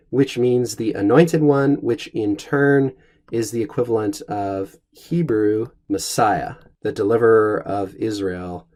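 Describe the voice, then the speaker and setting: A man teaching a Latin lesson, speaking in a measured, explanatory way and slowing down to pronounce the Latin. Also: medium pitch, darkish tone.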